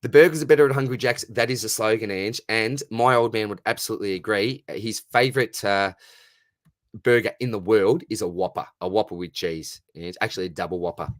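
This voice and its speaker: Matey Australian man, low dry voice. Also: brisk, a bit bright, no echo. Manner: matey, upbeat, answers viewer questions one by one. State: losing his voice. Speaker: live stream host. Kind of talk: casual live Q&A chat.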